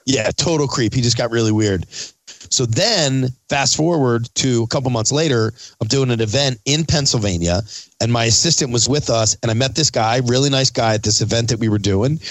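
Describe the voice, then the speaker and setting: A middle-aged man telling a story in casual chat, animated and swearing freely as he acts out quotes. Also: medium pitch, brisk, no echo.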